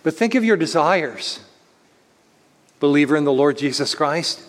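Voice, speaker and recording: A man preaching a sermon in an earnest way, slowing down to stress key words. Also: a little high, expressive. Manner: earnest preaching, slows to stress words, speeds up voicing others. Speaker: pastor. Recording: long hall reverb.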